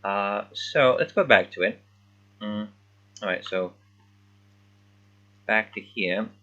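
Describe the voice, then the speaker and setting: A man with a lowish, bright, forward voice talks slowly through a read-along. He thinks aloud and sounds out unfamiliar words haltingly. The recording is somewhat dull and lo-fi. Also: soft background music. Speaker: language learner. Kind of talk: casual read-along commentary.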